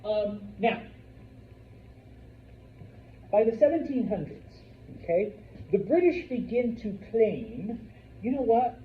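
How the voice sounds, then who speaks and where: A man's voice: high-pitched, very animated, a little slow, a little hiss or hum. A man teaching history in a casual, jokey way, acting out people's voices while he lectures to a classroom. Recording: roomy, distant, dull classroom recording.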